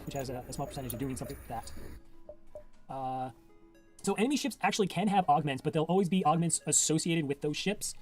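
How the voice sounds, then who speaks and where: A man giving casual commentary on his own game run, thinking aloud, reading game text and counting out loud. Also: fairly high pitch. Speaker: gamer playing and narrating his old run.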